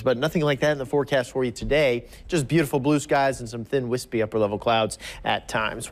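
A man presenting a live TV weather forecast in an upbeat, conversational way, stretching words for emphasis. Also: medium pitch. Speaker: TV meteorologist.

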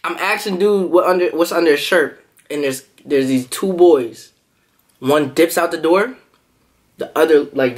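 A man vlogging to camera, telling a story in a lively, animated way and jumping into quoted voices, with features. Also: fairly high pitch. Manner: animated, jumps into quoted voices, laughs often. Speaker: food vlogger.

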